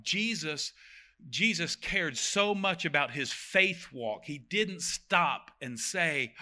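A man preaching a sermon, reading scripture aloud and breaking in with animated, joking comments. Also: on the high side, takes it slowly. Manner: animated, reads verses then comments with jokes.

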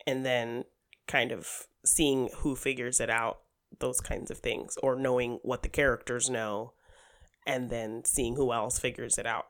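Animated, gravelly-voiced podcast co-host, casual and quick to laugh. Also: medium pitch. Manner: upbeat, animated, laughs often. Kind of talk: casual film discussion.

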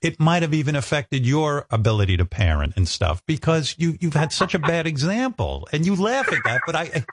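A man's voice: a little high, very animated, a little fast, few pauses, slight background noise. A man in his sixties hosting an interview, pressing his guest with mock-earnest questions. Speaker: radio host.

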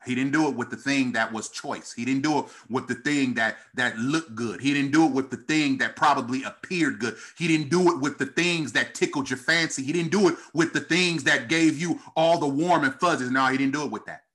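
A man preaches a sermon a little fast, with few pauses and a slightly bright voice. He calls out to the congregation in call-and-response style, building in intensity and rising in pitch as he reads scripture.

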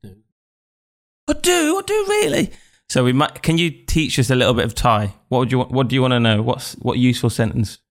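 A man co-hosting a casual podcast, speaking at a middle pitch. He is laid-back and often drops to a quiet aside. His talk is loose and conversational. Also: fast talker, few pauses. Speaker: podcast co-host. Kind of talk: casual interview chat.

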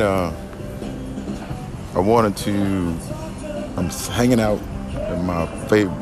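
Low-voiced and emphatic, the man, a podcast host, gives a rambling, profane spiritual monologue outdoors in a garden. He frequently starts over and repeats himself.

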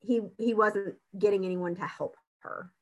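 A woman's voice: mid-range voice, steady tone, moderate pace. A woman in casual chat, animatedly retelling a film scene and acting out the characters' lines.

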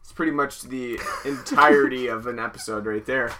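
A man co-hosting a casual movie chat, offering measured, reflective commentary. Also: medium pitch, fairly even intonation, crowd noise. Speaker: podcast co-host.

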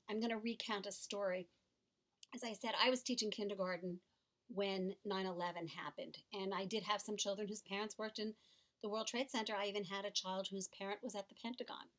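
A middle-aged woman co-hosting a podcast, speaking earnestly and warmly about a serious topic, often repeating words as she goes. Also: mid-range voice. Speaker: podcast co-host.

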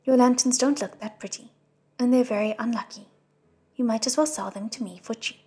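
A woman's voice: fairly high pitch, brisk, warm tone, slightly rough. A woman voicing an earnest, kind young male crown prince in a storybook reading, solemn and admonishing.

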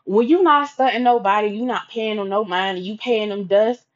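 A woman's voice: medium pitch, normal speed, highs cut off, lightly acted. A woman voicing a blunt older male mentor who lectures with profanity, barely changing her own voice. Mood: stern advice.

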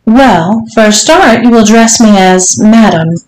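An imperious, mocking older lady of the manor drawls her words in a storybook read-aloud, voiced by a woman. Her voice rides noticeably higher than the narration, slow and teasing. The room around her gives a roomy echo. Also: close to an everyday voice. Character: haughty, mocking wealthy older lady of the house.

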